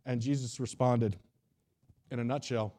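Male preacher, casual storytelling sermon, warm dark tone. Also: mid-range voice, fairly even intonation, moderate pace. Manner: retells the story in a folksy, conversational way and acts out its dialogue.

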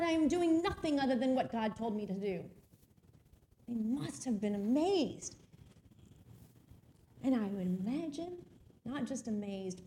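Woman, sermon, high voice, expressive preaching, drawn-out emphasis. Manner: expressive preaching, slows down for emphasis, reads scripture aloud.

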